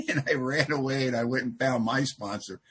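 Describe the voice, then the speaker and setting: A man's voice: medium pitch, moderate pace, a bit bright, husky. A man speaking at a support group meeting, telling a personal story with self-deprecating, wry humor. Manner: self-deprecating, wry, acts out quoted exchanges.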